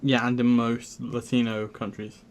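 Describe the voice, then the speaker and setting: A man's voice: medium pitch, flat delivery, moderate pace, a little hiss or hum. A young man co-hosting a casual chat, chiming in briefly and mostly agreeing. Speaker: podcast co-host.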